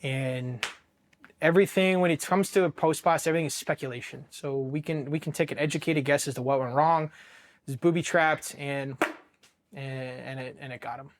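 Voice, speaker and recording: Male veteran, slightly high voice, profane and halting, interview storytelling, from Ohio. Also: fairly even intonation. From Ohio, USA. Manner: raw, profane, halting with many restarts; emotionally charged, dropping quiet at painful moments. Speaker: Marine veteran telling his war story.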